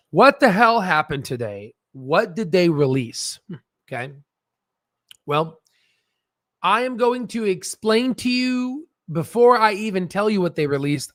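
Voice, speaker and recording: A man with a fairly high, fairly bright voice hosts a stock research channel from a standing desk, recorded with a dry, clean studio sound. He explains things in a rambling, profane, casual way and laughs at his own jokes.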